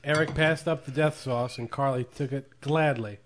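A man's voice: medium pitch, fairly even intonation, moderate pace, very noisy. A man narrating a food challenge play-by-play in an amused, joking way. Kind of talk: casual commentary on a food challenge.

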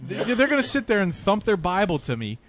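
A man's voice: sits high, sing-song, a little fast, a bit bright, no echo. A man on a comedy podcast, ranting with crude jokes. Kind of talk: casual comedic podcast chat.

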